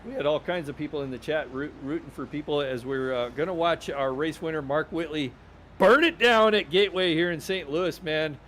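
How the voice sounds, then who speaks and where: A man doing lively play-by-play commentary for an online truck race. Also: a little high, fairly quick, slight background noise. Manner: excited, rising when the action heats up. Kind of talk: sim racing play-by-play commentary.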